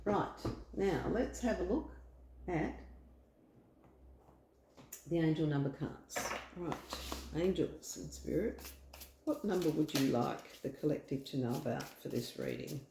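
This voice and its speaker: A woman's voice: low-pitched, expressive, a little slow, gravelly, long pauses, echoey room, background noise. A woman with an Australian accent giving a casual, reassuring tarot reading from home, rambling with fillers. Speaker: tarot reader. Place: home room.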